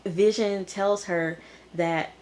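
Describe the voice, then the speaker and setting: A woman's voice: mid-range voice, steady tone, takes it slowly, a little mellow. A woman giving a casual recap of a TV episode, exclaiming and talking straight to her viewers. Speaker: TV episode reviewer.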